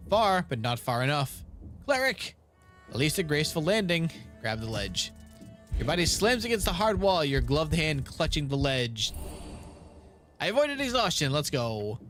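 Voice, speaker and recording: A man's voice: fairly high pitch, a bit bright. A young man playing a game on video, reading its text aloud and reacting with laughs and groans at failed rolls. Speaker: gaming video creator.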